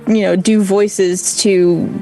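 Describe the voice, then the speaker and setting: A woman's voice: mid-range voice, steady tone, slow pace, mellow, soft background music, low-quality recording. A woman co-hosting a casual live-stream chat, thinking aloud and filling gaps with "like" and "you know". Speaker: co-host and role player.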